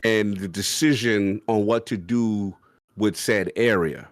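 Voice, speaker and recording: A man's voice: fairly low pitch, takes it slowly, dry recording, clean studio sound. A man co-hosting a podcast, laid-back and slangy, talking casually about games. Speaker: podcast co-host.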